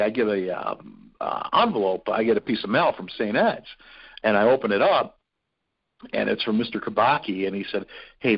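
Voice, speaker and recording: Earnest rambling man from Ohio, dull audio. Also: mid-range voice. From Ohio, USA. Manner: rambling, earnest, many fillers and restarts. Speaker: podcast guest. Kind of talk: storytelling in a podcast interview.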